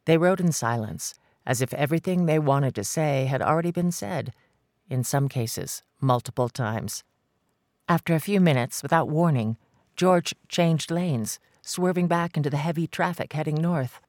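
An audiobook narrator reading a romance story in a measured, scripted way. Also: mid-range voice, a little mellow, no room sound, clean studio sound.

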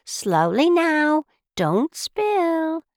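A woman voicing a kindly, motherly female teapot housekeeper in a storybook reading, slow and soothing. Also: sits high, sing-song, no room sound, clean studio sound, pitched above the performer's own voice, full character voice. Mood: gentle.

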